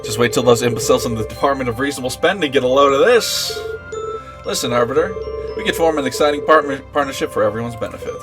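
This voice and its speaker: A man's voice: mid-range voice, expressive, quick pace, natural voice. A man voicing a brash, folksy middle-aged woman senator with a breezy, salesy way of talking, over background music.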